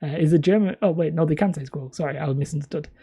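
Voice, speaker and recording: A man's voice: fairly high pitch, very fast, gravelly, mellow, husky. A man in his thirties, hosting a hobby channel and chatting casually with live viewers in a rambling, self-mocking way. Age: 30s. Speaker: hobby terrain channel host.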